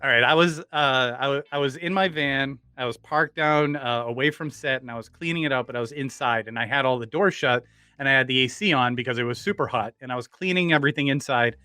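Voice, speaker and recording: A man's voice: medium pitch, fast talker, sharp tone, clear, resonant tone, dry recording. A man, a podcast guest, casually telling stories with many restarts and rambling asides.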